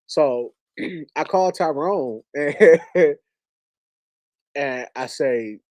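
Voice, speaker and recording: A man's voice: fairly high pitch, animated, extremely slow, a little mellow, no echo. A man on a podcast telling a personal story in an earnest, conversational and emotional way. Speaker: podcast guest. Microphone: podcast studio mic.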